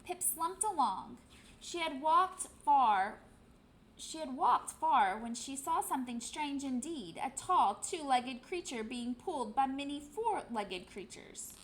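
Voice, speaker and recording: A woman's voice: high voice, lively intonation, slow pace, rough recording. A woman teacher reading a storybook aloud expressively, acting out sound effects.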